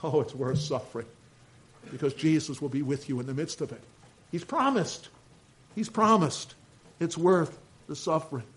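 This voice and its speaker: A man, a pastor preaching a sermon with animated swings between loud emphasis and quiet asides. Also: fairly high pitch, a little fast, poor audio.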